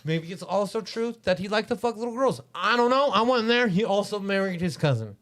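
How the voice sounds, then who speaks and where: A man in casual podcast banter, animated and joking, swearing freely. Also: high-pitched, brisk. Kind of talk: casual chat.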